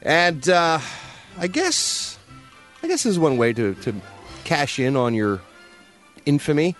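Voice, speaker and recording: A male radio host rattles off entertainment gossip with a wry, joking edge, laughing along the way. His pitch swings widely as he riffs. A faint music bed sits behind him. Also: very animated, unhurried, fairly bright tone. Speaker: radio show host reading entertainment news. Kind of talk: casual morning-show banter.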